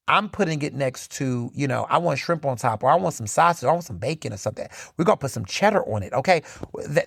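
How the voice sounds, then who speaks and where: A young male podcast host riffs on his own in a casual, sassy way and keeps talking straight to his listeners. His pitch jumps up and down as he makes his points. The sound is dry and close, with no room around it. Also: dry recording. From Philadelphia, USA. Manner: animated, sassy, conversational, addresses listeners as "y'all". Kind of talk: casual solo commentary.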